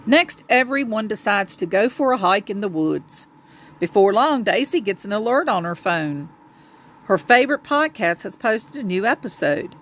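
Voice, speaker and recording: A woman's voice: mid-range voice, lively intonation, moderate pace, a little hiss or hum. Woman reading a storybook aloud. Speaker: parent reading to a child.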